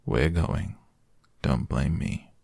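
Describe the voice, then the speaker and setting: A man voicing a gloomy, resigned old male donkey who drones his complaints slowly, in a very deep, gravelly voice. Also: a little mellow, no echo, clean studio sound, exaggerated voice. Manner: slow, droning complaints.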